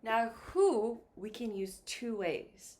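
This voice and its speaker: A woman teaching a beginner English lesson, speaking slowly and clearly and acting out example questions. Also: a little high, noisy background. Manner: slow and lively, with acted-out example questions.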